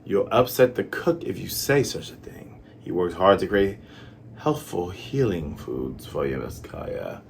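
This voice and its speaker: Man doing a hushed scornful butler. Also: big pitch swings, gravelly, a little hiss or hum, heavily acted. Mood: prim. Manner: low, hushed and slow. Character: cold scheming male butler, prim and scornful.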